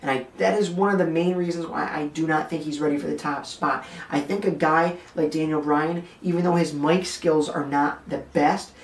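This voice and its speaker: A man's voice: on the high side, darkish tone, reverberant, distant mic. A man hosting a wrestling podcast, giving blunt, joking commentary straight to his listeners. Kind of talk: opinionated commentary rant.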